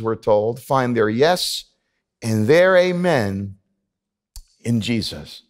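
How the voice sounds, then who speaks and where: A man's voice: a little high, a little mellow. A middle-aged man preaching a sermon at a church service, talking conversationally and then building to emphatic preaching. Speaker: pastor.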